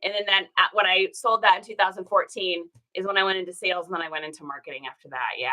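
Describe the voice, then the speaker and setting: A bright, forceful woman in her forties, stuffed up from a cold, rambles in an easy casual way while she packs orders. She is from Washington State and drifts from thought to thought, leaning on filler words as she chats to her viewers. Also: on the low side, fast, low-quality recording. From Washington State, USA. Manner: rambling and chatty, full of "like" and "situation". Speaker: reseller vlogger. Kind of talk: casual vlog chat.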